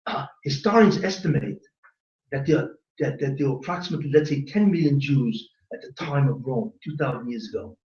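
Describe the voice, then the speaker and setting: A rabbi giving an impassioned religious lecture, firing off rhetorical questions with emphatic force. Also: male voice, medium pitch, a little fast, darkish tone. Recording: echoey hall, distant dull mic.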